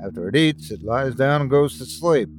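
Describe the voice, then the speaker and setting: A man's voice: mid-range voice, animated, moderate pace, music in the background, close to an everyday voice. A man voicing an eager, deferential young crewman. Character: eager young male crewman, the creature's owner.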